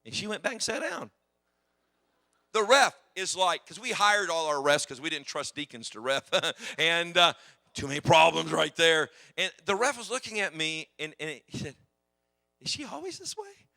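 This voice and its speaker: A man preaching a sermon in a church, telling stories in an animated, emphatic, humorous way. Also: a little high, normal speed, vocal fry, dry recording. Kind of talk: sermon with personal storytelling.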